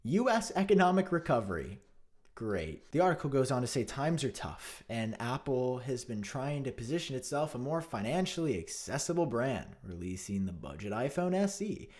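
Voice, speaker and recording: A man vlogging to camera in a mock-outraged, sarcastic commentary, theatrical and swinging between loud jabs and muttered asides. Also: medium pitch, very animated, moderate pace. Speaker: tech vlogger.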